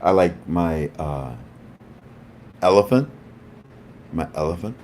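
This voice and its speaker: A man's voice: deep voice, expressive, slow pace, darkish tone, a little hiss or hum. A man hosting a casual livestream, chatting with viewers in a playful, joking, rambling way. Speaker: livestream host.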